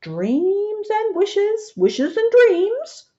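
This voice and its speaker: A woman's voice: extremely high pitch, wildly swooping pitch, drawn-out words, dark tone, muffled recording, pitched above the performer's own voice, exaggerated voice. A woman voicing a kindly, mysterious male wizard in a storybook reading, with a singsong, teasing manner. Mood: playful.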